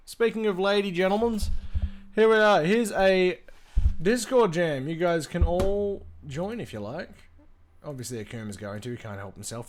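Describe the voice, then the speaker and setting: A man, chatting casually with his live-stream audience, swearing freely and greeting viewers by name, tired from little sleep. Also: mid-range voice. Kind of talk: casual gaming stream chat. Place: home room with a large bookshelf.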